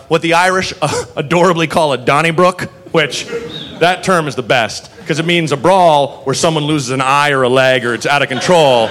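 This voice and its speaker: Animated, high-voiced male comedian. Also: a little hiss or hum. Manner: animated, profane storytelling. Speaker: stand-up comedian. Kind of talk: stand-up comedy set. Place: comedy club before a live audience. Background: audience.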